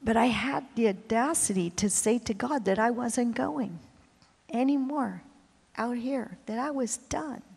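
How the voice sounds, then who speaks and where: Slow, dramatic woman preacher in a hall. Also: a little high, gravelly, breathy edge. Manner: confessional storytelling, emotional swings from hushed to loud. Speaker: missionary preacher. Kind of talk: sermon. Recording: long hall reverb.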